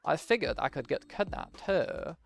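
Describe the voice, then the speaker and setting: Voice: medium pitch, animated, moderate pace, creaky. A gamer voicing a bored young fan in a video game, with a wistful, plain delivery.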